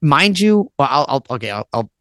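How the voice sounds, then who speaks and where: With big pitch swings around a mid-range voice, a man in his thirties chats casually as a podcast guest, rambling from memory to memory, cursing and filling with "like." He talks at normal speed with a fairly bright tone. The recording is dry and close, lacking any room sound.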